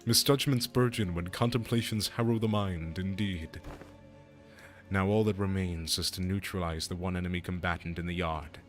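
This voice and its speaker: A man voicing a composed, formal game character in a measured, solemn way. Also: low-pitched, soft background music, pitched below the performer's own voice, natural voice.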